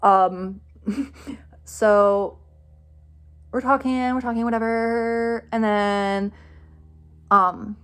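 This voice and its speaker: A young woman casually telling a story to her camera, excited and rambling, full of fillers and quick laughs. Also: a little high, clear, resonant tone. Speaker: vlogger telling a fan story.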